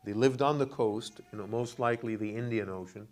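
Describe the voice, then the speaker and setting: A man's voice: fairly low pitch, brisk, darkish tone. A man, an imam, teaching Quran commentary to a class, asking them questions and often repeating words as he goes. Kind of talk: classroom lecture with questions to the audience.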